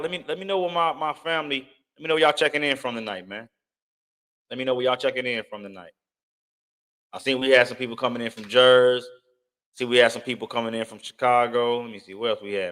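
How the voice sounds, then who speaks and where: Male livestream host, bright, forceful voice, chatty and repetitive, slang-heavy. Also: medium pitch. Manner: loose, slangy, repeats himself, thinks aloud. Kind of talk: casual live-stream chat with viewers.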